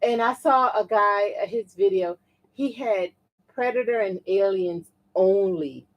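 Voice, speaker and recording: A woman's voice: mid-range voice, unhurried, lo-fi sound. A woman co-hosting a live toy and pop culture stream, chatting informally and teasing her co-host. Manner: teasing, laughs often, informal. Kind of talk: casual live-stream chat.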